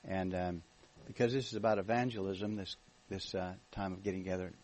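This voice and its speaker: An American man speaking as a guest minister at a church meeting, telling his story in a relaxed, joking way. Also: low-pitched, fairly quick, poor audio. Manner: jokey, relaxed storytelling with restarts. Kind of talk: church talk, testimony.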